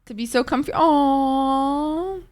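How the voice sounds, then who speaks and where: Laid-back rambling woman streamer, slightly high voice. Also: slow, a little mellow. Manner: rambling and laid-back, heavy on "like", swears freely; reads out and answers chat messages. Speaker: Twitch streamer. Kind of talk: casual chat with stream viewers.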